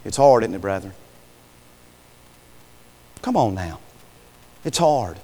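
A man's voice: fairly low pitch, sing-song, slow, long pauses, warm tone. A man preaching a sermon in a folksy way, calling out "Amen" and throwing rhetorical questions at the congregation. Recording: long hall reverb.

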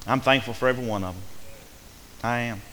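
A male pastor preaching a sermon in a church sanctuary, swinging from fervent, emphatic passages down to soft, quiet ones. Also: medium pitch, fast talker. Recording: reverberant hall with faint hiss.

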